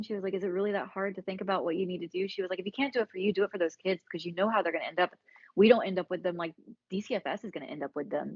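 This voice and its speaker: Woman, low voice, blunt and sweary, just telling it like it was, kinda muffled dry recording. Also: slightly rough, dry recording. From Alabama, US. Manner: frank, swears freely, acts out quoted dialogue. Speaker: podcast guest. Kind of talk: candid casual storytelling. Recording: dry, slightly dull sound.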